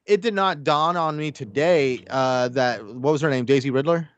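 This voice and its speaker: A man chatting excitedly on a gaming podcast, rambling with lots of fillers. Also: fairly high pitch, moderate pace, clear, resonant tone. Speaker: podcast panelist. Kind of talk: casual chat.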